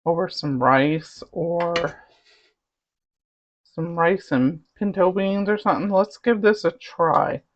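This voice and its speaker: A cooking channel host with a light Southern accent chats casually while cooking and tasting food in her home kitchen, humming over each bite. Her low voice moves slowly with fairly even intonation. The recording is dull and lo-fi.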